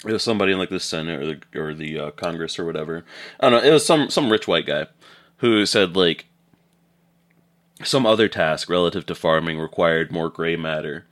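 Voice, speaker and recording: Deep-voiced man ranting casually. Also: a little fast. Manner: animated, swearing, acting out voices, laughing. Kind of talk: casual chat.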